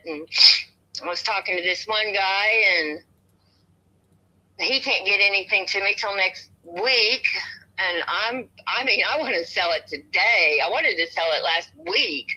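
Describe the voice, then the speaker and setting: A woman in her fifties talks on a phone call in a very bright, sharp voice. She is cold and shivering, and she rambles, circling back and restarting her sentences. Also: mid-range voice. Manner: rambling, meandering, with many restarts and soft laughs. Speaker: home seller on a phone call.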